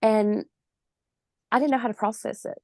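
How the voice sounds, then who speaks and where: A woman in her forties recounts her own story as a podcast guest. Her voice has a gravelly, fried edge, and her telling is vivid and emphatic, with the odd laugh. The recording is dry and close, with no room sound. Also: on the high side, steady tone, normal speed, no room sound.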